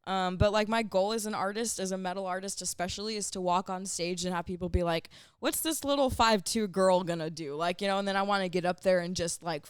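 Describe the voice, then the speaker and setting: A woman's voice: medium pitch, brisk, hardly any pauses, smooth, dry recording, clean studio sound. Young woman podcast guest, metal singer, casual and talkative, clean resonant tone. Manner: chatty, many fillers, laughs easily.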